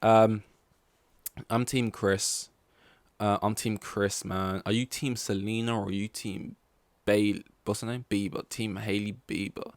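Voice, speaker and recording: A man's voice: lowish voice, fairly even intonation, a little slow, dry recording. A man hosting a solo podcast in casual chat. He rambles, swears freely and loses his train of thought. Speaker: podcast host.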